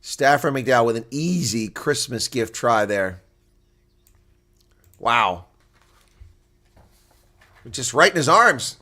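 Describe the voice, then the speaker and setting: A man giving live play-by-play rugby commentary, excitable and rising to shouts at big plays. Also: medium pitch, moderate pace.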